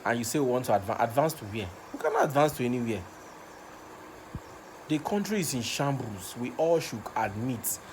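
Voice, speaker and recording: A man's voice: medium pitch, expressive, normal speed, slight background noise. Impassioned Nigerian man ranting. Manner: impassioned, repeats himself, stumbles over words. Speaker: vlogger. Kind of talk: passionate rant to camera.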